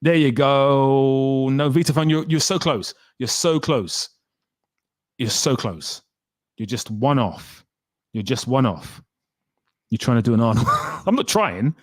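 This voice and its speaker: A man's voice: medium pitch, big pitch swings, a little slow, long pauses, no room sound. A man hosting a casual livestream, chatting and reading viewer comments aloud in a rambling way. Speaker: livestream host.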